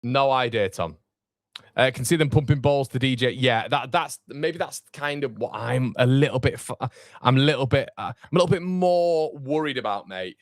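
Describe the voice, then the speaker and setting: A man's voice: mid-range voice, animated, moderate pace, no room sound, studio quality. A man, hosting a fan watchalong live stream, chatting casually and rambling with fillers as he reads comments. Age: 30s. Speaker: fan channel watchalong host.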